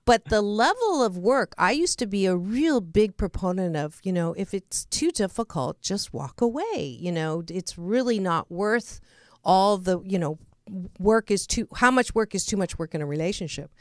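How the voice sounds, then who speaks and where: A woman's voice: mid-range voice, animated, normal speed, dry recording, studio quality. A middle-aged woman hosting a radio interview, chatty, laughing at herself and restarting sentences. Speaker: host.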